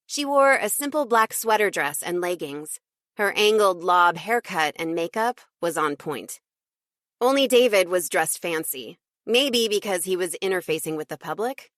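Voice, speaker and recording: A woman narrating a cozy mystery audiobook in first person, with wry, lively storytelling. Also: fairly low pitch, measured pace, no echo, studio quality.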